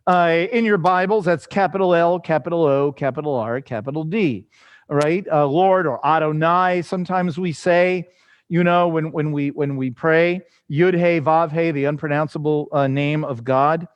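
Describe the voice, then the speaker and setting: A man teaching through the Psalms in a loose, conversational way, full of fillers and "right?" checks, slowing down to read scripture aloud. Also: on the high side, clear, resonant tone, no room sound, highs cut off. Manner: reads scripture slowly and deliberately. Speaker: Bible teacher. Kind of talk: informal Bible teaching.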